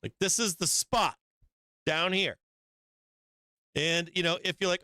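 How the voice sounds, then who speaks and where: A man's voice: sits high, a little slow, bright, forceful tone, clean tone, no echo. A man hosting a live stock market show, giving blunt and profane trading commentary with frequent emphatic swearing and laughs between points.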